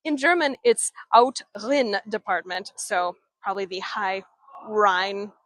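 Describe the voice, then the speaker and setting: A woman's voice: medium pitch, animated, measured pace, bright, forceful tone, no room sound. A woman chatting casually as she leads a live-streamed walking tour outdoors in an old town, talking to viewers' comments while holding her camera. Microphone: handheld camera or phone she turns while walking.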